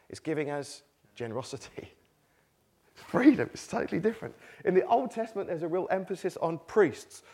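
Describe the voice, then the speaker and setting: A man delivering a conversational sermon to a live congregation, his pitch rising and falling in a very animated way. He keeps it informal with a self-mocking sense of humor and slips quick laughs in between his points. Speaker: preacher. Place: church meeting with a live congregation.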